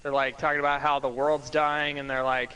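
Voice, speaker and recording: A young man co-hosting a podcast, talking in excited, profane run-on bursts full of "like" and restarts. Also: mid-range voice, fairly quick, clear, resonant tone, low-quality recording. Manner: animated, profane, talks in run-on bursts with lots of "like". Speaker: podcast co-host. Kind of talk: casual chat.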